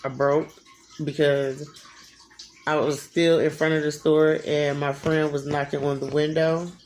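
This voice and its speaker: Gravelly-voiced vlogger swearing through a story. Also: medium pitch, little pitch movement, unhurried, a little mellow, a little hiss or hum. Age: 30s. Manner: profane, emphatic, repeats phrases for effect. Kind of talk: casual storytelling vlog.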